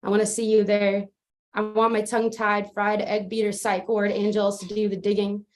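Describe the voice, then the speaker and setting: Woman poet, spoken word, flat even read, via video call. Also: medium pitch, normal speed. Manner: steady, even recitation with little rise and fall. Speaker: open mic poet. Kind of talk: spoken word poetry performance. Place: remote, joining from afar.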